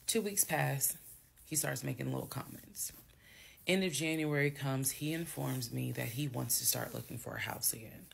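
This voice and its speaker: A woman with hiccups calmly telling the story of her marriage in a measured, steady way, with pauses and fillers. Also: extremely low pitch, vocal fry, slight background noise. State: has the hiccups. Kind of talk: storytelling monologue.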